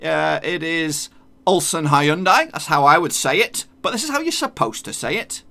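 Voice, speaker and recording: A man's voice: on the high side, sing-song, normal speed, vocal fry, sharp tone. A man hosting a football channel, talking in a chatty, jokey way with plenty of slang. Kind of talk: casual football vlog.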